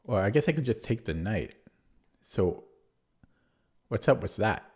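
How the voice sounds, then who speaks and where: A man streaming chess puzzles, thinking aloud with a husky, strained voice, often correcting himself. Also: fairly low pitch, expressive, a little mellow. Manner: muttering, self-correcting, quick laughs.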